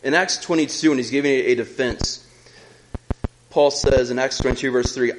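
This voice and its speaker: A young man preaches a sermon earnestly and at a measured pace, reading scripture aloud between his own remarks. His mid-range voice is steady, and the poor audio carries slight background noise.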